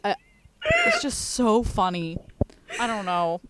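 A woman's voice: medium pitch, wildly swooping pitch, slow pace, heavy background noise. A young woman co-hosting a podcast, telling a funny story in a rambling, casual way, laughing and swearing as she goes. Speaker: podcast co-host. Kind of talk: casual chat.

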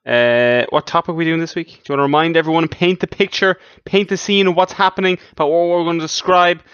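A man's voice: on the high side, steady tone, quick pace, a bit bright, clean tone, muffled recording. An Irish man co-hosting a podcast, teasing his partner with dry questions in casual banter. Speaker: podcast co-host.

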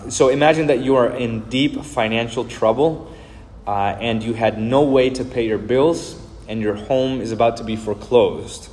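A man's voice: medium pitch, darkish tone. Man, pastor, sermon, earnest, explanatory, uh fillers, long hall reverb.

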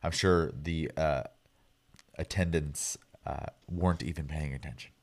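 Very deep-voiced, laid-back man. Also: fairly even intonation, measured pace. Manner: laid-back, hesitant, with fillers and dry jokes. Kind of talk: casual chat.

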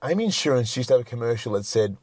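Middle-aged guy, plain-spoken and profane, relaxed podcast chat, dead-dry recording. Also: mid-range voice, very fast, no room sound. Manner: blunt, swears freely, repeats words when starting a point. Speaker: podcast guest. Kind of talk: casual chat.

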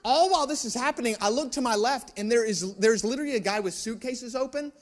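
A male pastor preaching, telling a personal story in an animated, self-mocking way with asides to the room. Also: very high voice, quick pace.

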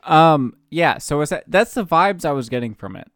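A man's voice: fairly high pitch, very animated, normal speed, a bit bright, no echo, studio quality. A man co-hosting a casual podcast, drunk, giggling and rambling. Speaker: podcast co-host. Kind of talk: casual chat.

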